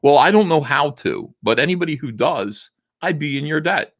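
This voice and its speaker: A man's voice: a little high, lively intonation, moderate pace, no echo, studio quality. A man hosting a casual livestream, reading viewer comments aloud and answering them with frequent "uh" fillers. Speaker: livestream host reading chat.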